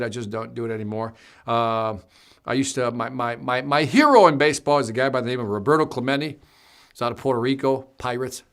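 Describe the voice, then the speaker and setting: A man's voice: mid-range voice, a bit bright. A man hosting a live stream, reading viewer comments aloud and answering them in a chatty, upbeat way.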